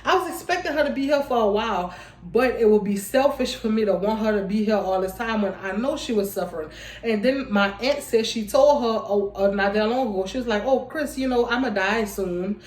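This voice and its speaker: A young woman speaks at a medium pitch, rambling and restarting her sentences as she chats with her viewers. Her voice carries noticeable room echo. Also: brisk, a little mellow. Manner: rambling, restarts often, addresses viewers as y'all. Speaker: vlogger. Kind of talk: casual heartfelt vlog talk.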